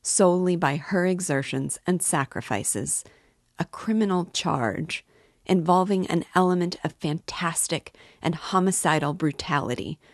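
A pompous middle-aged official lays out his case in formal, self-satisfied sentences, read by a woman. The voice sits low and unhurried. The sound is dry and close. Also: no echo. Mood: measured. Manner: formal, measured, self-important.

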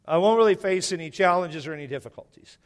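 A man's voice: sits high, quick pace, smooth. Man preaching in an echoey hall. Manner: repeats key phrases, asks the congregation questions. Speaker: pastor. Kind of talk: sermon. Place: church hall.

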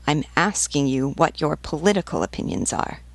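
A woman's voice: deep voice, big pitch swings, normal speed, no echo, heavily acted. Woman voicing a blunt army sergeant. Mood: stern. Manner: demanding, pressing questions. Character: gruff male Republican sergeant, blunt interrogator.

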